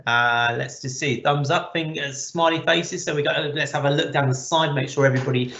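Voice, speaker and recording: Man, cookery teacher, patient step-by-step lesson for kids, slightly high voice, dull lo-fi audio. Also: fairly even intonation, fairly quick, a bit bright, reverberant. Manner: patient step-by-step instruction for children. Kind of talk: live online cooking class. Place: kitchen.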